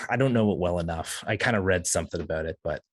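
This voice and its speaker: A middle-aged man with a low voice co-hosts a casual music podcast, recorded close and dry with no room sound. He reacts in a relaxed, searching way and trails off mid-thought. He slips in dry jokes. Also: moderate pace, dry recording. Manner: relaxed, hesitant, joking reactions. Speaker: podcast co-host.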